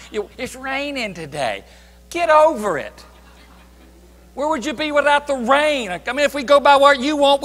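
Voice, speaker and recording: A man preaching a sermon as pastor, emphatic, swinging between loud declarations and hushed asides. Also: extremely high pitch, big-room sound. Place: church sanctuary.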